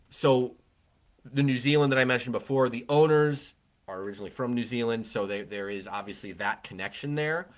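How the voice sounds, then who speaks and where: A man's voice: medium pitch, fairly bright tone. A man co-hosting a casual beer podcast, talking in a rambling, conversational way with frequent restarts. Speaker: podcast co-host. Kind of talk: casual chat.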